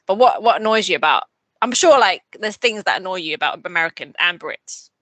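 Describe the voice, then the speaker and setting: A woman's voice: lowish voice, lively intonation, fairly quick, fairly bright tone, no room sound. A young British woman co-hosting a podcast, chatting casually with lots of filler words. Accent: British English. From Britain. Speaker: podcast co-host. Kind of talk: casual chat.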